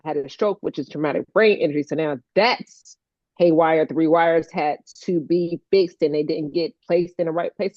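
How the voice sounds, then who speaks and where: A lively woman with a lowish voice, chatting warmly and laughing often. The recording is dry and a little dull, as if made on a modest mic. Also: no room sound. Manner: animated, playful, laughs often. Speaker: co-host, stroke survivor advocate. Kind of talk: casual heartfelt chat.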